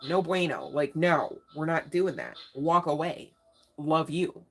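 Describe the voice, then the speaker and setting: A woman's voice: deep voice, big pitch swings, unhurried, fairly bright tone. A woman giving a casual live tarot reading, slangy and emphatic, talking straight to her viewers. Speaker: tarot reader. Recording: faint music in background.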